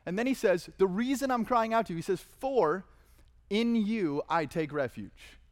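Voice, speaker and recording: Man, pastor, earnest conversational sermon, slightly high voice. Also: lively intonation, normal speed. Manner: earnest, conversational preaching with dramatic readings of verses.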